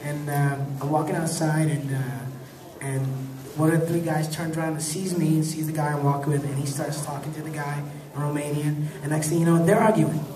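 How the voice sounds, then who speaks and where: A man's voice: fairly high pitch, a little fast. Laid-back man in an echoey convention hall. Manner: laid-back, laughing often, animated when acting out quotes. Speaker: actor telling stories at a fan convention panel. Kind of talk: casual storytelling. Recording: echoey hall, distant mic, crowd noise.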